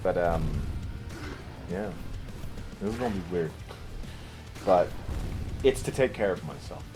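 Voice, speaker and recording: A man with a lowish voice talks straight to his viewers in a loose, unscripted vlog. He rambles, laughs at himself and swears often. Faint music plays underneath. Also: a little mellow. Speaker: video creator.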